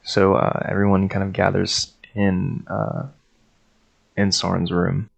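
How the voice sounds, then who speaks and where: A man with a low, gravelly voice runs a tabletop game in a relaxed way, laughing often. He calls for rolls and describes scenes in a loose, chatty manner. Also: slow, rough recording. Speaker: game master.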